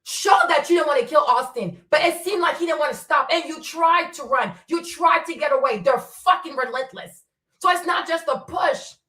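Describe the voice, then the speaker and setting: Heard at a distance through a streaming setup, this woman speaks at normal speed in a high voice that's pushed and bright. Her commentary is impassioned, blunt and profane, packed with rhetorical questions, and the sound is roomy.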